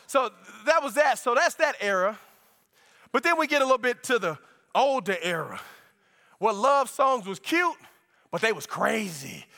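A man preaching a sermon, joking playfully about love songs and then reading scripture slowly and deliberately. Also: very high-pitched, pushed and bright. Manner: playful, jokey riffing on song lyrics. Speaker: pastor. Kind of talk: sermon with comedic opening. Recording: long hall reverb.

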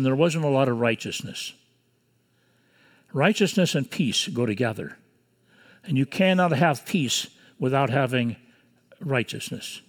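An older man in his sixties delivers a sermon from the pulpit with an earnest, measured delivery. His voice sits at an ordinary middle pitch, and long reverb from the church sanctuary trails after each phrase. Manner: earnest, measured preaching with pauses. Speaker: pastor.

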